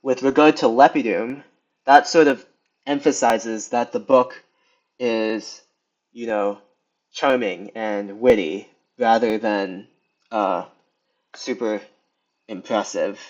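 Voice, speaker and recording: A young man giving a casual screen lesson, talking through it with many pauses, ums and restarts. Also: on the low side, steady tone. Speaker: video tutor. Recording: slightly dull lo-fi sound.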